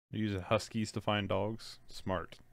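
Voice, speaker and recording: A man's voice: fairly low pitch, clear, resonant tone, dry recording. A sleepy young man with a stuffed-up nose, rambling casually through a movie watch-along and saying "like" a lot. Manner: rambling, filler-heavy, says "like" often. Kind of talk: casual movie reaction commentary.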